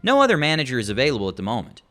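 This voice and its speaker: A man reading the lines of a calm, firm hotel front desk supervisor. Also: mid-range voice, racing, soft background music. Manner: polite, firm, procedural.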